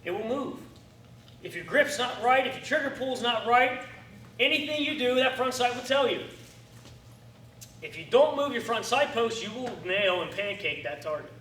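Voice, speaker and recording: High-voiced firearms instructor in echoey room. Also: male voice, moderate pace. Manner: animated, coaching, acts out student reactions. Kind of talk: classroom instruction. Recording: echoey room, distant mic, faint noise.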